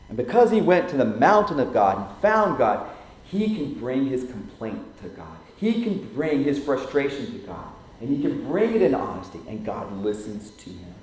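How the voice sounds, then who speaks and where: A male pastor preaching a sermon, swelling loud for emphasis and dropping to near-whispers. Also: mid-range voice. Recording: very echoey room.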